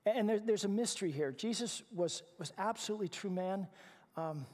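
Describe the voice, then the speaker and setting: A male pastor preaches with a fairly high voice, talking conversationally and tripping over repeated words. He drops to near hushes and then builds to loud, emphatic stretches. The sound rings with the long reverb of a church hall. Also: a little fast. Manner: conversational, with repeated false starts. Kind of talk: sermon. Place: church sanctuary.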